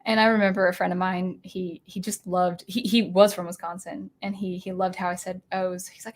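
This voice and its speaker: Young woman streamer from Washington, casual and rambling, mid-pitched voice. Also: steady tone, moderate pace. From Washington state. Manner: rambling, chatty, full of fillers and restarts. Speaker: livestream host. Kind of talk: casual livestream chat.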